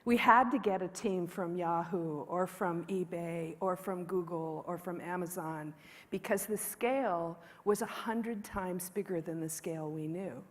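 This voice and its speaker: A woman's voice: fairly low pitch, unhurried. Candid woman giving a keynote. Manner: candid, joking, conversational. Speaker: keynote speaker. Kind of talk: conference keynote storytelling. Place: large conference hall. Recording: long hall reverb from stage.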